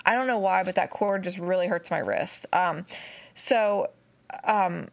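A young West Virginia woman who works as a dog groomer tells a story in casual chat, acting out quotes with big jumps in pitch. She speaks at a measured pace with vocal fry.

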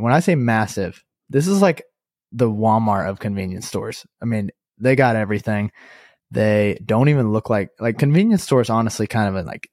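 A young adult man hosting a podcast, telling a story in a chatty, animated way with lots of fillers and self-corrections. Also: on the low side, no echo, studio quality. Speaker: podcast host and company co-founder. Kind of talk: casual storytelling monologue.

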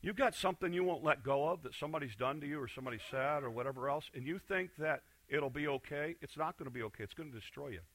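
A man preaching a sermon as pastor, swinging between loud, emphatic stretches and quiet, intense ones, with frequent restarts. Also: fairly high pitch, fast, hardly any pauses.

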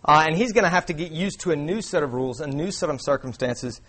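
A man's voice: a little high, animated, fast, a bit bright. Casual young male preacher. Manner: casual, conversational, many fillers. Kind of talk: sermon. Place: church before a congregation.

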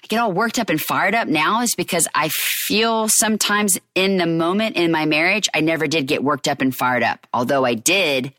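A woman's voice: deep voice, moderate pace, few pauses, a bit bright, no room sound, studio quality. A middle-aged woman and mother talking candidly in a personal vlog, repeating herself and getting fired up as she goes. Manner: candid, repetitive, gets fired up. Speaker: divorced mother sharing her story.

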